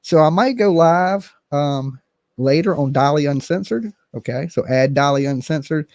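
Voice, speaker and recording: A man's voice: on the high side, normal speed, darkish tone, no echo. A man hosting a casual commentary stream, blunt and rambling, swearing freely. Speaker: channel host.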